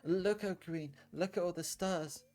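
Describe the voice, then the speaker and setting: A man voicing a gentle, childlike teenage girl in a soft high falsetto, reading a visual novel aloud. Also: moderate pace, faint music behind, lightly acted. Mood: amazed. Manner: high soft falsetto, speaks of herself in third person.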